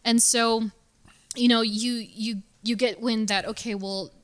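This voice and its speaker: A woman's voice: fairly high pitch, fairly even intonation, unhurried. A woman co-hosting a podcast in casual chat, rambling with fillers and laughing easily. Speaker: podcast co-host.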